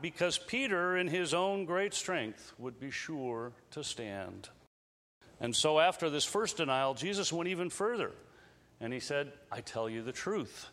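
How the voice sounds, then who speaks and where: A man preaching a sermon in an earnest, measured way, slowing down on emphatic phrases. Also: medium pitch, a bit bright. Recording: long reverb of a large hall.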